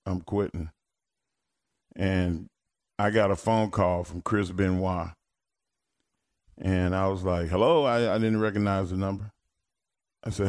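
Man, low voice, animated storyteller, swears and laughs, casual podcast chat. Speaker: guest, former pro wrestler.

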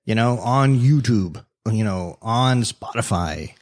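A man's voice: on the low side, slow. A man co-hosting a podcast, joking and venting in a casual chat. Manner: animated, joking, exclaims. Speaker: podcast co-host.

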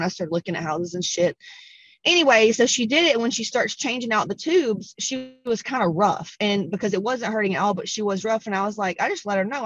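A woman's voice: mid-range voice, no echo. A woman from the American South with a Southern accent tells a story on her own podcast. She is blunt and profane, and she puts on voices when she quotes people. The recording is dry and a little dull. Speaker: podcast host. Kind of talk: casual storytelling monologue.

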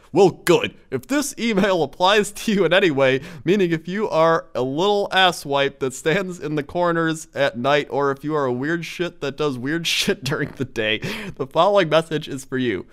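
A man reads an angry email aloud in a high, very lively voice that swoops up and down. His delivery is exaggerated and theatrical. He softens the curses into "effing" and breaks into chuckles. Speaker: reader of a viral email. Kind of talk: dramatic comedic reading aloud.

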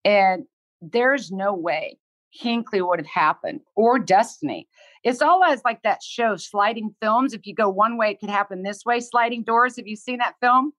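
A woman's voice: medium pitch, moderate pace, a bit bright, no room sound. A woman in her sixties, a podcast guest talking candidly and earnestly, swearing freely. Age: 60s.

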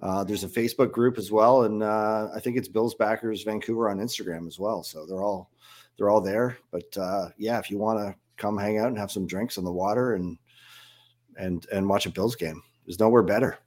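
Easygoing low-voiced male guest. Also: moderate pace. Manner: relaxed, easygoing, many fillers. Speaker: guest, fan club president. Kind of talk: casual interview chat.

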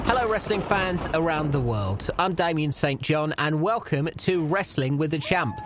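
A man's voice: a little high, animated, moderate pace, background noise. A man hosting a scripted comedy podcast and playing the patient, exasperated straight man. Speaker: podcast host.

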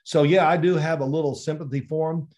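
A man's voice: fairly high pitch, quick pace. A man in his sixties, a former quarterback, telling stories in a casual interview and acting out the exchanges he quotes. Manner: animated storyteller, acts out quoted exchanges. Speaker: former NFL quarterback guest.

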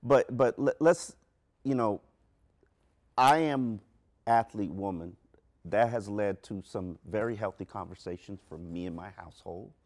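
Middle-aged guy, kinda low voice, podcast chat, hesitant, asks a lot. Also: measured pace, a little mellow. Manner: thoughtful, hesitant restarts, asks questions. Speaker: podcast co-host. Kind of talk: casual chat.

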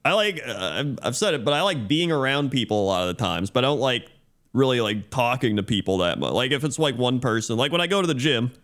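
A man's voice: mid-range voice, lively intonation, fast talker, fairly bright tone. A man co-hosting a podcast in casual chat, laid-back and rambling, laughing often. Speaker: podcast co-host.

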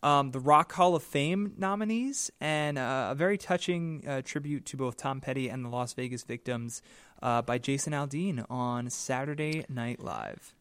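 A man's voice: medium pitch, moderate pace, fairly bright tone, clean tone, no room sound. A man co-hosting a music podcast, laid-back and easy-laughing in casual chat. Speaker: podcast co-host.

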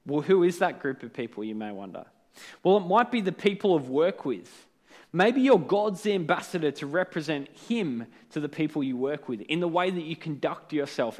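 A man giving a casual devotional talk as a preacher, conversational and often checking in with tag questions. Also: on the high side.

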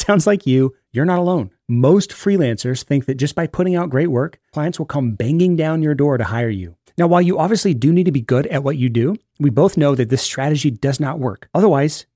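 A man's voice: on the high side, warm tone, no echo, clean studio sound. A man co-hosting a podcast, reading an upbeat ad and then chatting casually and joking with his co-host. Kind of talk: casual podcast chat and read ad.

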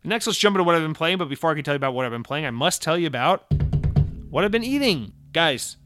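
A man from Massachusetts hosting a podcast in casual chat, animated and profane, jumping between loud rants and muttered asides. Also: on the high side, quick pace, faint music behind. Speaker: podcast host.

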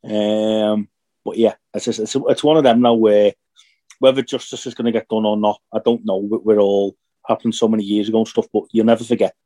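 A young man from Northern Ireland co-hosting a casual podcast, talking in a reflective, halting way as he searches for his words. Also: lowish voice, level tone, dark tone. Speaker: podcast co-host.

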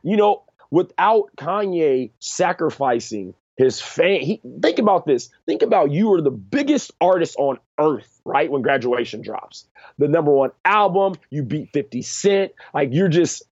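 A man in casual chat who talks with animated emphasis and acts out quotes in excited bursts. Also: on the high side, unhurried, no room sound. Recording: dry, slightly dull lo-fi sound.

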